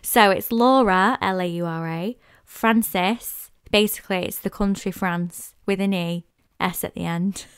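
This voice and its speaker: A young woman co-hosting a podcast in friendly casual chat, agreeable and quick to laugh. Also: medium pitch, clean tone, no room sound, studio quality. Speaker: podcast co-host.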